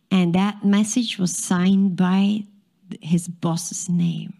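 A woman's voice: medium pitch, slow pace, warm tone. A woman telling a dramatic story to an audience, drawing listeners in with questions.

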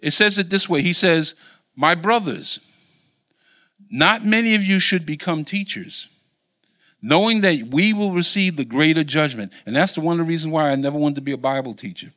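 A man's voice: a little high, normal speed. A man preaching as a Bible teacher, quizzing his listeners and leaving blanks for them to fill in. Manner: animated, quizzes the congregation. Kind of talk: sermon with call-and-response.

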